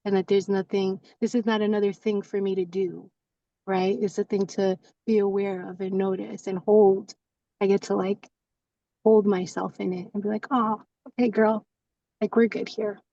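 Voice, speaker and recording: A woman's voice: medium pitch, a little mellow, no echo, far from the mic, lo-fi sound. A woman sharing openly in casual talk, rambling with many fillers and acting out her own thoughts. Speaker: community member sharing.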